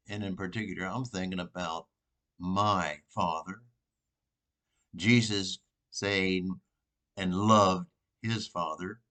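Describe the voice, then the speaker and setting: An older man, a priest, giving an informal, rambling sermon reflection with pauses and restarts. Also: lowish voice, a bit bright.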